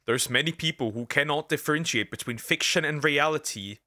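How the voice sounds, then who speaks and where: A man casually reacting to a video, animated and crude, laughing often and tripping over repeated words. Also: on the high side, fairly quick.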